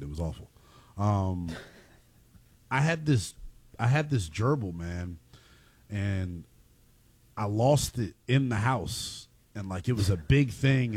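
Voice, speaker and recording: A man co-hosting a casual podcast, playful and quick to laugh. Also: lowish voice, no echo. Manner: playful, animated, laughs often. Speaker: co-host.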